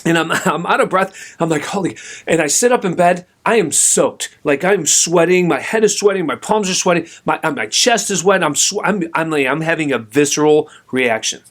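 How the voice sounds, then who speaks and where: A middle-aged man with a voice a little higher than most men's tells a story on his podcast. He is animated and conversational, often asking the listener questions as he goes. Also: normal speed, few pauses. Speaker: podcast host. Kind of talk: storytelling monologue.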